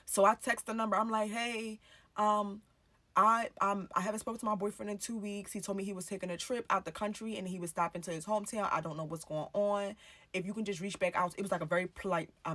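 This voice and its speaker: Woman vlogger, casual storytime delivery, profane, conversational, mid pitch. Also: a bit bright, dry recording. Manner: chatty, swears freely, acts out her own past dialogue.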